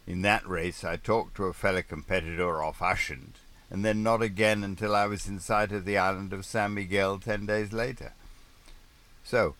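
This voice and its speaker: A man with a very low voice narrates an audiobook memoir. His tone is bright and forceful, and he delivers the narration with dry, wry understatement. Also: fairly even intonation, moderate pace.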